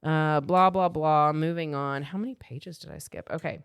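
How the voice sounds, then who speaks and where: A woman's voice: low-pitched, normal speed, gravelly, smooth, no echo. A woman co-hosting a comedic podcast, wryly summarizing a romance novel with loose asides. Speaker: podcast co-host. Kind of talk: casual comedic book-club chat.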